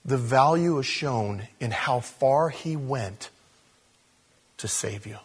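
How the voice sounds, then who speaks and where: A man preaching a sermon, shifting between soft hushed moments and loud, animated storytelling. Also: medium pitch, slow pace, breathy edge. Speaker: pastor.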